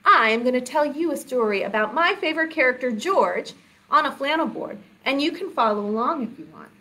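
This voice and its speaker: A woman children's librarian leading a storytime for young children, animated and sing-song, coaxing them with questions. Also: high voice, brisk.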